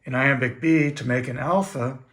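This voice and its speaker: A man at a middle pitch explains, step by step, with frequent "uh" pauses. His voice carries the echo of a hard-walled room, over a faint background hiss. The tone is plain and methodical, like a hobbyist's how-to video. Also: fairly even intonation, a bit bright. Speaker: ham radio operator teaching Morse keying. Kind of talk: casual how-to demonstration. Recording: echoey room with faint noise.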